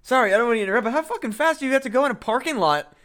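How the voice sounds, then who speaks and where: A man's voice: extremely high pitch, animated, racing, a bit bright. A man co-hosting a comedy podcast, reacting with profane, laughing remarks in casual chat. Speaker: podcast co-host.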